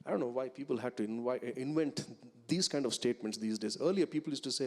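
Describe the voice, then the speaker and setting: A man with an Indian English accent preaching a sermon as a pastor, telling stories and rising to loud, emphatic peaks. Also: medium pitch, fast talker, hardly any pauses. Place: large church hall. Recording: reverberant church hall.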